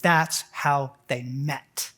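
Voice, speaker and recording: A middle-aged man giving a lively talk at a men's conference, acting out quotes, laughing often and tossing in "like" and "okay". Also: mid-range voice, drawn-out words. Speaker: conference speaker. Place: conference hall.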